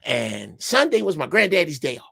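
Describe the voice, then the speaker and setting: A man's voice: on the high side, huge pitch swings, moderate pace, vocal fry, fairly bright tone, no echo, clean studio sound. A man in his sixties from Chicago, telling a story on a podcast in a blunt, profane way. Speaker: podcast panelist. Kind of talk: casual chat.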